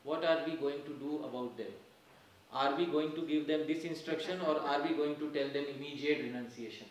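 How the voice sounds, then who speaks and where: A man's voice: on the high side, steady tone, a little fast. A man giving a religious class, explaining points emphatically and repeating key phrases, recorded from a distance in a temple hall. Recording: very echoey temple hall from far off.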